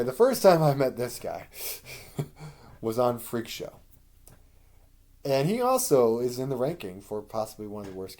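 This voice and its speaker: Mellow-voiced man rambling through a casual review. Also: mid-range voice. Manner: rambling, profane, conversational with many fillers. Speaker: video creator ranking TV seasons.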